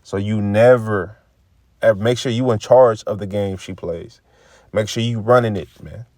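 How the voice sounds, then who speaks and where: A man's voice: lowish voice, fairly even intonation, moderate pace, darkish tone, no room sound, studio quality. A man giving casual, profane religious commentary, reading scripture lines and acting out quoted remarks. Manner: preachy, profane, repeats phrases, acts out quoted remarks.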